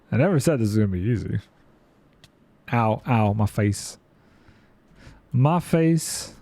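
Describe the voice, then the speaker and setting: A man's voice: fairly low pitch, lively intonation, takes it slowly, pauses often, mellow, no echo. A man streaming a building game, chatting playfully and thinking aloud while reading chat. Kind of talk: casual gameplay commentary.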